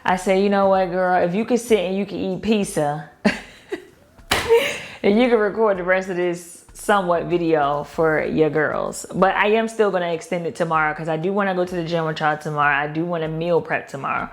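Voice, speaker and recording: A woman's voice: fairly low pitch, fairly quick. A young woman with a Baltimore accent, chatting casually to her viewers in a lifestyle vlog. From Baltimore, Maryland. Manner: chatty, addresses viewers as "girl" and "y'all". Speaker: lifestyle vlogger.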